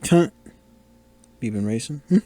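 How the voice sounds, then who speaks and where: This podcast host has a warm, mid-range voice with lively intonation and a measured pace, captured in a dry recording. While a film runs, he gives casual commentary, reacting out loud and teasing the characters.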